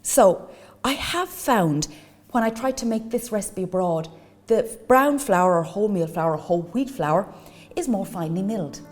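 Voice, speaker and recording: A woman's voice: mid-range voice, lively intonation, normal speed, darkish tone, long reverb tail. Chatty Irish woman teaching baking. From Ireland. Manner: chatty, enthusiastic, gives tips with asides. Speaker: cooking teacher. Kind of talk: cooking demonstration.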